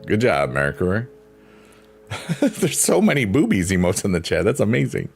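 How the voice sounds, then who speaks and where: A man's voice: lowish voice, huge pitch swings, normal speed, gravelly, breathy edge. A man streaming live, chatting casually and playfully with his viewers, rambling and laughing often. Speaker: livestreamer. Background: soft piano.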